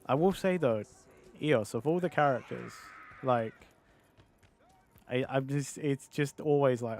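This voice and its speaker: A young man streaming a game, chatting casually with viewers, animated and often laughing and swearing. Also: mid-range voice, a little slow, long pauses. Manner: animated, laughing, swearing, mocking others in put-on voices. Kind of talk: casual live-stream chat.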